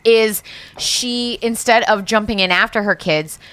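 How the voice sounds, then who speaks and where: A woman co-hosting a podcast, telling a ghost legend in casual chat with lively, profane asides. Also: mid-range voice, unhurried, clean tone. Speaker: podcast co-host, storyteller.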